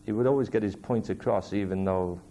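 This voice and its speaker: A man's voice: lowish voice, brisk, dark tone, a little hiss or hum. A man in a documentary interview, speaking hesitantly with many fillers. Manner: hesitant, lots of "like".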